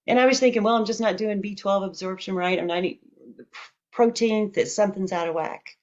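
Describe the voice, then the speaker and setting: A woman tells a personal story in a candid, casual way, animatedly acting out what people said to her. Her mid-range voice is brisk, and the audio is dull and lo-fi.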